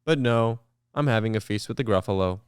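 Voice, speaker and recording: A man's voice: fairly low pitch, brisk, clear, resonant tone, dry recording, studio quality, lightly acted. A man voicing a small, clever brown mouse that politely turns down predators while reading a children's picture book aloud. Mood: breezy. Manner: polite, breezy refusals.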